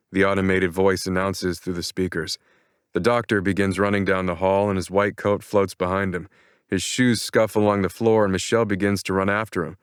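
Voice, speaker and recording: A man narrating a romance audiobook in the first person, steady and earnest, into a studio microphone. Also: sits low, normal speed, clean tone, dry recording.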